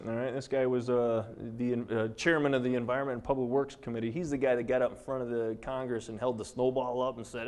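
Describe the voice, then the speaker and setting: A man's voice: medium pitch, flat delivery, quick pace, few pauses, darkish tone. Guy presenting to a crowd, gets all fired up, sarcastic, keeps checking in with the room. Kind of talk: live presentation to an audience.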